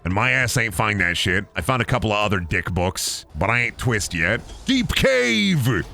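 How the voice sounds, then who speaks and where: Speaking briskly in a fairly low voice, a man streams a game and rants at length, swearing plenty along the way. The casual gameplay commentary is animated and wanders, with a slight hiss or hum in the audio.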